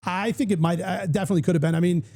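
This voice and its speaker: A man's voice: high voice, steady tone, rapid-fire, darkish tone. A man hosting a casual golf podcast, rambling through stories with lots of fillers. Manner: rambling, filler-heavy storytelling. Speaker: podcast host.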